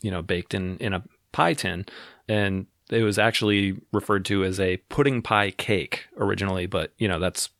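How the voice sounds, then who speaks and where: A man's voice: low voice, steady tone, normal speed, fairly bright tone, dry recording, studio quality. A man from the Boston area chatting casually on a podcast, easygoing and hesitant with lots of fillers. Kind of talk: casual chat.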